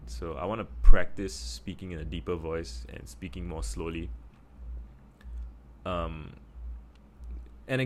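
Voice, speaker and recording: A young Singaporean man with a Singaporean accent, musing in a casual video monologue and deliberately speaking slowly from his chest. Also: a little hiss or hum. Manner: practicing a slow, deep, chest voice; thoughtful, many fillers and restarts. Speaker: vlogger.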